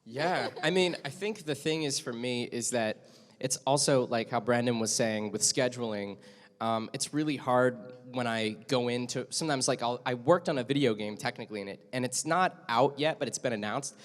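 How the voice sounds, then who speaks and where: A man's voice: medium pitch, moderate pace. A man and voice actor chatting casually on a panel, easygoing and rambling. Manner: easygoing and rambling, many fillers and restarts. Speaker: anime voice actor on a convention panel. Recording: convention hall reverb.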